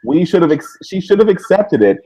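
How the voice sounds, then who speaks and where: A man's voice: sits high, big pitch swings, a little fast, dark tone, dull audio. A man co-hosting a TV recap podcast, bantering with enthusiasm. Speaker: podcast co-host. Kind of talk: TV episode recap chat.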